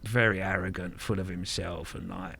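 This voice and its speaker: A middle-aged man recounts stories in a casual interview. He is frank and earthy, swears without fuss, and often restarts his sentences. His voice sits slightly low. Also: fairly even intonation, normal speed, creaky, sharp tone, breathy edge. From Kent, England. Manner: frank, earthy, swears freely, repeats words. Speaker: guest angler.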